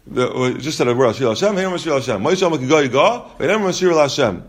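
A man's voice: mid-range voice, lively intonation, quick pace, few pauses. A man teaching a Talmud lesson, explaining the text step by step. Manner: explains step by step, mixing Yeshivish terms into English.

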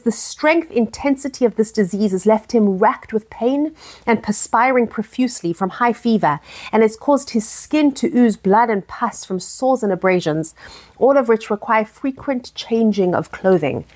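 A woman with a mid-range voice teaches a text study lesson. She reads each verse aloud, then explains it earnestly. She pauses on fillers and restarts her sentences often. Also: mid-range voice, lively intonation, a little mellow.

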